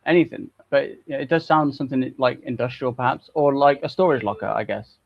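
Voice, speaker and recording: Gravelly, joking male co-host. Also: mid-range voice, a little fast, highs cut off. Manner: jokey, swears freely. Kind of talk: casual live-stream chat.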